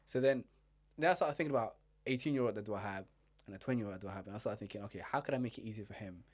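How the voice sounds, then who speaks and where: A man's voice: fairly low pitch, very fast. A young man, a relationship coach chatting casually on a podcast and acting out his friends' voices as he tells stories. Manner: animated storyteller, acts out friends' voices.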